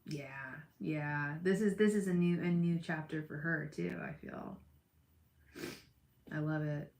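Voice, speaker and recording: A woman's voice: sits low, steady tone, a little slow, creaky, a little mellow, roomy sound. A young woman chatting with viewers on a live tarot stream, gushing and emotional, calling people by name. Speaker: livestream tarot reader.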